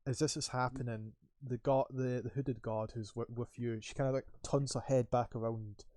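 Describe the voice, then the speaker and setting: A man's voice: medium pitch, steady tone, normal speed, mellow, no room sound. Young man, game master, rambling narration, dry close sound. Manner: rambling, loose, full of fillers.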